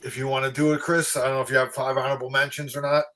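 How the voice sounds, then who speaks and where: A man co-hosting a podcast in casual chat, laid-back and quick to laugh. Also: medium pitch, little pitch movement, fairly bright tone. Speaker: podcast co-host.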